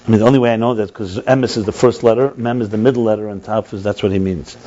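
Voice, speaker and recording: A man teaching a text study class as a rabbi, animated, repeating and restarting words and mixing Hebrew terms into his explanations. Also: on the low side, fast, muffled recording.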